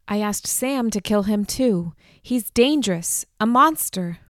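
A woman's voice: mid-range voice, expressive, unhurried, no room sound, studio quality, close to an everyday voice. A woman voicing a furious, anguished young man, accusing and pleading, his voice tight with anger, in an audiobook.

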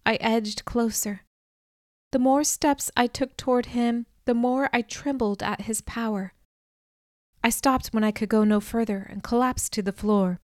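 A woman reading a novel aloud as first-person narrator, in a measured, even manner. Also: fairly high pitch, no room sound, clean studio sound. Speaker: audiobook narrator.

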